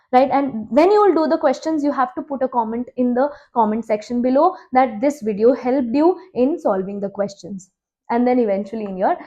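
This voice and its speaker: A woman's voice: sits high, darkish tone. A woman with an Indian English accent, teaching an exam-prep literature lesson at a board, who asks questions, answers them herself and repeats key facts. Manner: quizzing, repeats key facts, slows to stress terms.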